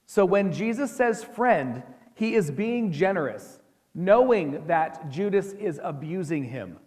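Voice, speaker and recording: A man with an American accent preaching a sermon as pastor, conversational and quick to ask his listeners questions. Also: high voice, lively intonation, a little mellow, in a large hall.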